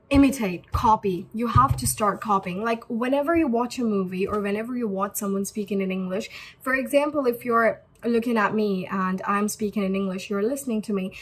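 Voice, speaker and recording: A woman's voice: on the high side, a little hiss or hum, poor audio. A young woman from India giving a chatty spoken English lesson to camera, repeating her points with many fillers. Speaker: English teacher.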